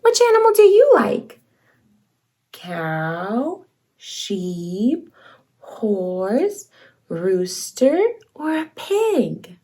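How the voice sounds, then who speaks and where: A woman's voice: mid-range voice, huge pitch swings, extremely slow, long pauses, warm tone. A woman hosting a toddler learning video, reading aloud in an exaggerated sing-song voice, with gasps, cheers and animal sounds. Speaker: children's educational show host.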